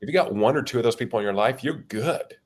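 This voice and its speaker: A man's voice: mid-range voice, quick pace, a little mellow. A man who gives keynote talks, explaining ideas in a casual panel conversation with bursts of energy. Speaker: keynote speaker and guest.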